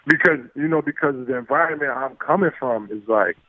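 A man tells stories as an interview guest, lively and loose, full of restarts and little acted-out exchanges. His voice comes through a tinny, phone-like line, dry and close. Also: medium pitch, a little fast, hardly any pauses, dry recording. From New York. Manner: animated, acts out quoted exchanges, many fillers and restarts. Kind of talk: casual storytelling.

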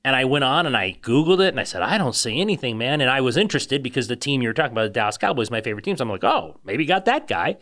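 A man's voice: mid-range voice, big pitch swings, rapid-fire, few pauses, a bit bright. A man hosting a sports podcast, teasing his co-host and setting up his story in casual chat. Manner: teasing, sets up the guest's story.

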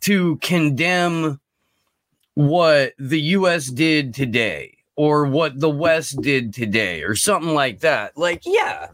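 Lively, higher-voiced podcast man. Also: slow, no echo. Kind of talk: casual chat.

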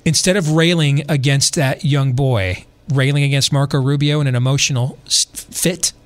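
A middle-aged man hosting a podcast, delivering a preachy, impassioned political commentary full of rhetorical questions. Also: mid-range voice. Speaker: podcast host.

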